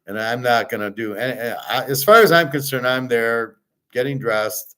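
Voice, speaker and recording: Guy rambling through a story, blunt and swearing a lot, normal pitched voice. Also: moderate pace, a bit bright. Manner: blunt, profane, rambling with restarts. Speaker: show host. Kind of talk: casual storytelling monologue.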